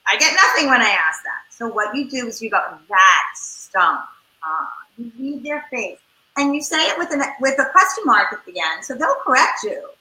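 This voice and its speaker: A woman family therapist giving advice in an interview, lively and demonstrative as she acts out what parents and children say. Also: high-pitched, fairly quick, reverberant, low-quality recording.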